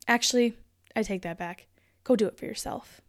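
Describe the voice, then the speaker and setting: A woman's voice: a little high, normal speed, no echo, clean studio sound. A woman in her thirties hosting a solo podcast, talking in a chatty, upbeat and encouraging way. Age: 30s. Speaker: podcast host and motivational speaker.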